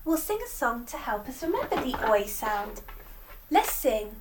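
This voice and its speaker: A woman teaching phonics to young children, sounding out each word slowly and clearly. Her voice is high and swoops widely in a sing-song way. The voice sits back from a distant mic. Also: sing-song, background noise.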